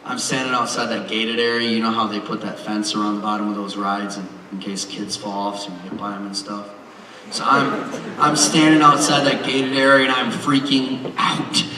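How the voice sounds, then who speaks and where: A man's voice: fairly low pitch, normal speed, a crowd in the background. Man telling a funny story in a roomy hall. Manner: animated, joking, acts out voices. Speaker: motivational speaker. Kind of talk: comedic storytelling speech on stage. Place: large hall with live audience. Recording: roomy hall from far off, with audience.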